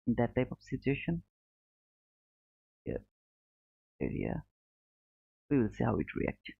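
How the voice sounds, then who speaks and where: A man's voice: medium pitch, wildly swooping pitch, a little slow, creaky, breathy edge. A man teaching trading live, walking through charts step by step, repeating key points and calling his viewers brother. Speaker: trading educator streaming live. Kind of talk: live chart commentary answering chat. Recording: narrow phone-like audio.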